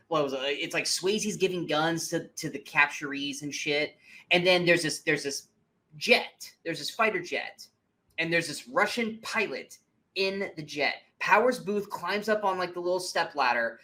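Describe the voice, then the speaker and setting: A man co-hosting a movie review podcast, chatting casually in an animated, profane way and acting out scenes in mocking voices. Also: on the high side, normal speed. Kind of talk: casual chat.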